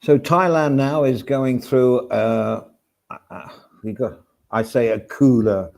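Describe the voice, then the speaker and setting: A man's voice: medium pitch, steady tone, slow pace, creaky, a little mellow. A man hosting a casual vlog, rambling along with wry asides. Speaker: vlog host. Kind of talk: casual chat to camera. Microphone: swaps between mics.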